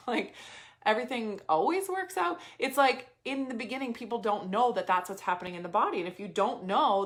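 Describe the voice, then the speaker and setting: A woman in her thirties coaching a group, intense and frank, swearing freely and repeating urgent commands. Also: mid-range voice. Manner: reads viewer comments aloud. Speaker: business coach. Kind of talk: motivational talk to a group.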